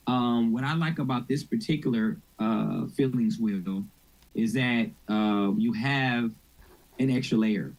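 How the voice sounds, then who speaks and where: A husky-voiced middle-aged man teaching a church mental health session. He talks informally and keeps checking whether his listeners are following. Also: medium pitch, a little mellow, low-quality recording. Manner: conversational, informal, asks audience questions. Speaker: mental health ministry speaker.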